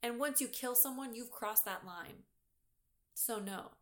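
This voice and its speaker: A woman's voice: fairly high pitch, unhurried. A woman co-hosting a casual talk show, making dry, wry remarks. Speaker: podcast co-host. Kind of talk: casual chat.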